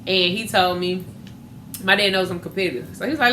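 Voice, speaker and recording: A young woman hosting a podcast, telling a story in an animated, playful way. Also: medium pitch, fast, reverberant, a little hiss or hum. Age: young adult. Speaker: podcast host. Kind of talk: casual chat.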